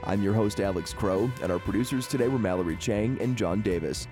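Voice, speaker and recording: A man hosting a radio news podcast, signing off the show with a friendly, smooth read. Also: on the low side, brisk. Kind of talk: scripted show sign-off. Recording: music bed underneath.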